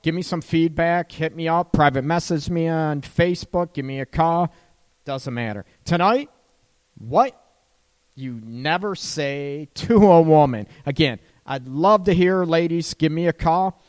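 A man's voice: fairly high pitch, lively intonation, measured pace, smooth. Guy running a relationship call-in radio show, casual and chatty, laughs a lot, kind of echoey long reverb. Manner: chatty, loose, laughs mid-sentence. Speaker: radio show host and counselor.

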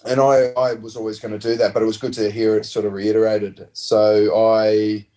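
A man's voice: fairly low pitch, moderate pace, rough recording. Laid-back Australian man telling stories. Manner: rambling, relaxed, slangy anecdotes. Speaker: interview guest, former rugby player. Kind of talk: casual storytelling.

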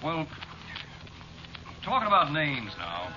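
A sly, needling bartender. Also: male voice, a little high, wildly swooping pitch, slow pace, bright, forceful tone, soft background music, full character voice. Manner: drawling, slangy, needling. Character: teasing, sinister male bartender. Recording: dull, faintly hissy old radio recording.

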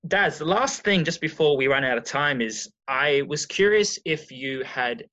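Bright-voiced Australian podcast host. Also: male voice, fairly high pitch, normal speed, lo-fi sound. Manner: relaxed, prompting questions, chiming in. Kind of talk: casual interview chat.

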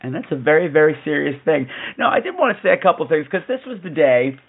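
A man hosting a casual storytelling podcast, animated and campy, gasping for effect. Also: on the high side, fast talker, breathy edge, phone-quality sound. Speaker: podcast host.

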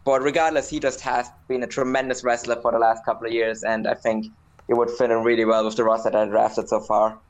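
A man's voice: mid-range voice, level tone, fast, low-quality recording. A man on a casual podcast over a voice call, talking steadily as he explains his reasoning. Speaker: podcast panelist.

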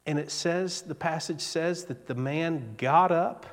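Slow-preaching pastor in a reverberant hall. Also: male voice, a little high. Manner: dramatic pauses, slow deliberate preaching. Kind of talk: sermon.

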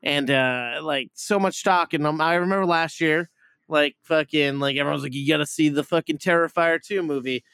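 A man with a slightly high voice talks loosely on a podcast, cursing freely and stacking up fillers as he goes. The sound is dry and close, with no room in it. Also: normal speed, a bit bright, clear, resonant tone, dry recording. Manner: rambling, profane, full of fillers. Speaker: podcast co-host reviewing a movie. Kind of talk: casual chat.

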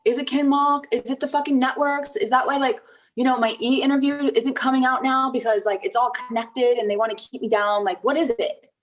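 A woman's voice: sits high, steady tone, a little fast, rough recording. Indignant woman ranting in an interview. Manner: emphatic, indignant, full of "like" fillers and swearing. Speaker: interview guest. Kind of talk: casual interview talk.

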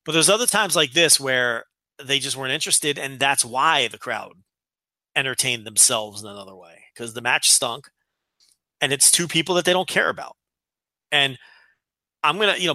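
A man's voice: mid-range voice, bright, forceful tone, no room sound. A man hosting a wrestling podcast, giving blunt, profane opinions in casual chat. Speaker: podcast host.

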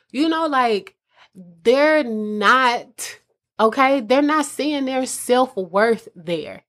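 A woman's voice: on the high side, expressive, drawn-out words, a bit bright. A woman giving earnest, conversational advice to mothers as a host. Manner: earnest, conversational, addresses listeners as mamas. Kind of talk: casual advice talk.

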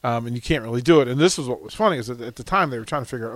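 Speaking rapid-fire with lively intonation at a medium pitch, a middle-aged man hosts a radio show, casually rambling through anecdotes and laughing a lot. The studio microphone picks him up cleanly, with no echo.

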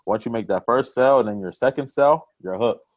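A man's voice: mid-range voice, fairly quick. A man as a podcast guest, talking in a laid-back, slangy, motivational way. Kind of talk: casual podcast interview.

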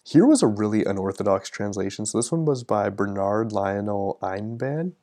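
A man hosting a podcast, talking in a reflective, casual way and reading short poems slowly and deliberately. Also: lowish voice, dark tone. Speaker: podcast host. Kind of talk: thoughtful casual podcast talk.

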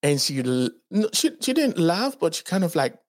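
Man, podcast co-host, casual storytelling, very expressive pitch, acts out quotes, swears. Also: normal speed. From Dominican Republic. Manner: animated storyteller acting out quotes in raised voices; swears freely.

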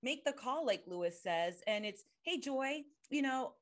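A woman's voice: high-pitched, expressive, a little slow. A married woman co-hosting a casual podcast, chatty and open about how emotional she gets. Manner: chatty, emotional, laughs often. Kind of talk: casual conversational chat.

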